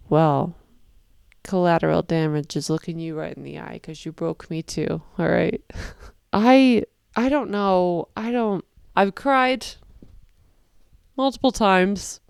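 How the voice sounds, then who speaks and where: Woman reaction host, crisp voice, dry sound, talks through her feelings loosely. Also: fairly low pitch, a little slow, long pauses, no room sound. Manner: expressive and swearing, rambling. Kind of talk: casual emotional reaction commentary.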